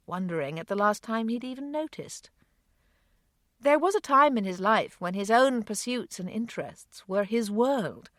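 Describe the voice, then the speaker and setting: A woman narrating a romance novel audiobook in a calm storytelling manner. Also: mid-range voice, no room sound, studio quality.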